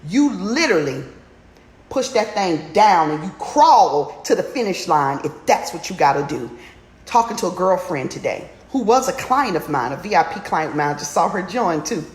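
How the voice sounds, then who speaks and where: A woman coaching a women's challenge in a motivational livestream talk, urging listeners on with fiery, repetitive exhortations that climb to near-shouts. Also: lowish voice, sing-song, moderate pace. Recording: roomy echo with faint background noise.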